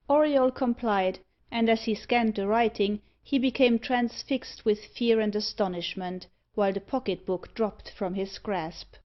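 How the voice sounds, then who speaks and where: A woman narrating a gothic novel as an audiobook reader, in a steady, even reading voice. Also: mid-range voice, normal speed, hardly any pauses. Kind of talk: scripted narration. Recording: dull lo-fi audiobook recording.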